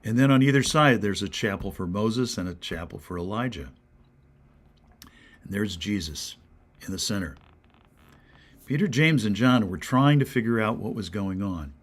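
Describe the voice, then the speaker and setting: Earnest American pastor preaching. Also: male voice, fairly low pitch, lively intonation, normal speed, long pauses. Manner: earnest, rising to emphatic questions, dropping to soft whispers. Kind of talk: short devotional sermon.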